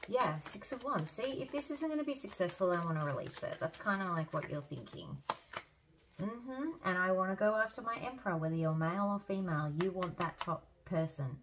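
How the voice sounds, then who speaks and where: A woman giving a casual tarot reading, chatty and hoarse as she loses her voice, thinking aloud with fillers and restarts. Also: lowish voice, animated, fairly quick, background noise. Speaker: tarot reader.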